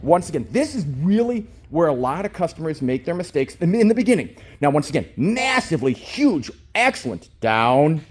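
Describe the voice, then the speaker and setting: A man in his fifties, a dog trainer, narrating a training session while holding a phone. He gushes with praise, slips into baby talk with the dog and gives crisp, short commands. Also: fairly high pitch, sing-song, normal speed, hardly any pauses. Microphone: phone held in hand.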